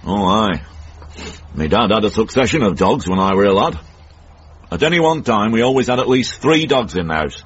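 An actor with a Northern English accent playing a cantankerous, grumbling old uncle in a radio drama. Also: male voice, fairly low pitch, animated, normal speed, a little hiss or hum, lightly acted. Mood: reminiscing. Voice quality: husky, grumbling. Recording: muffled radio broadcast.

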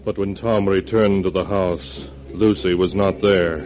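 A man narrating an old radio drama in a measured, grave manner, on a dull lo-fi recording with faint music behind. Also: sits low, fairly even intonation. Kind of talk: scripted narration.

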